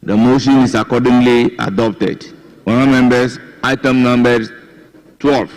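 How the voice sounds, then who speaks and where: A man presiding as speaker of parliament, calling votes in a measured, formal way. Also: medium pitch, little pitch movement, a little mellow, low-quality recording. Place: parliament chamber.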